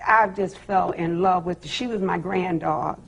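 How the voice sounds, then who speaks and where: A woman's voice: on the low side, moderate pace, gravelly. A middle-aged woman testifying as a witness for her daughter, retelling an argument with emphatic drama. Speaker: witness, the plaintiff's mother. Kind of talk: testifying on a courtroom show.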